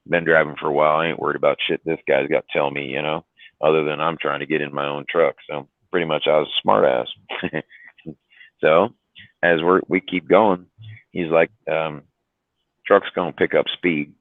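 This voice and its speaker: Deep-voiced man on a tinny line. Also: no room sound. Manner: rambling anecdote with frequent fillers and mild swearing. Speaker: truck driver telling a story on a live stream. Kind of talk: casual storytelling. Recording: tinny phone-like sound.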